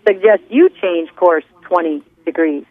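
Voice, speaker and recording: A woman telling a story over the phone and voicing a calm male signalman who gives flat, matter-of-fact replies. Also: on the low side, unhurried, dry recording. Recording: tinny phone line.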